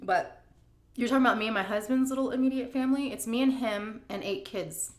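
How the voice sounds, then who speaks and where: A middle-aged grandmother vlogger chatting candidly and emotionally as she answers viewer questions. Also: on the high side. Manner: candid, emotional, drawn-out emphasis. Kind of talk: casual Q&A chat. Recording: echoey room.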